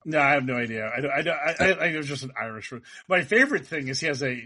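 A man's voice: a little high, animated, rapid-fire, sharp tone, husky. A middle-aged man hosting a comedic podcast, riffing jokily with guests and often restarting his sentences. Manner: jokey, riffing, many restarts. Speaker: podcast host. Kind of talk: casual comedic podcast chat.

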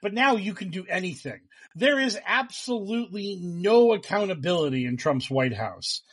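Man, sarcastic and mocking, casual podcast chat, somewhat high voice. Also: lively intonation, normal speed, husky.

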